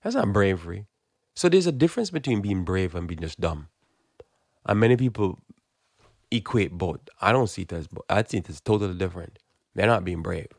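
This man's deep, animated voice moves briskly with vocal fry, captured in studio quality without echo. A Christian preacher, he delivers a blunt, emphatic, informal sermon as a monologue, repeating words frequently to build his point.

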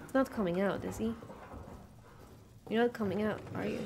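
A woman's voice: mid-range voice, normal speed, vocal fry, long pauses, noisy background. A young woman streaming a game, chatting casually with her viewers, asking them questions and laughing often. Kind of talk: casual live-stream chat while playing.

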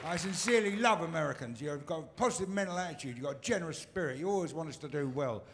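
A man's voice: on the high side, expressive, fast, noisy background. A man from Britain performing a stand-up routine on a comedy stage, teasing the crowd in a dry way.

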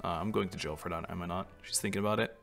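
A man giving excited, casual commentary while playing a video game, often laughing and exclaiming. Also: low voice, racing, vocal fry, soft background music. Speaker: gaming video creator.

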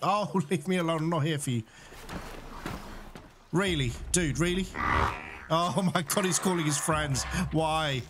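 A man's voice: on the high side, a little slow, long pauses, noisy background. A man giving chatty let's-play commentary, laughing often and bursting out in exasperation at the game. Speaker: gaming YouTuber. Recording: game music playing behind the voice.

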